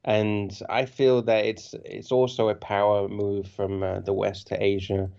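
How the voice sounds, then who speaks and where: A man's voice: fairly low pitch, flat delivery, a little slow, gravelly, a little mellow. Chuckling man on a dull call line. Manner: chuckling, repeats his words, ends points with "right?". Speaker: caller. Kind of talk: casual call-in chat.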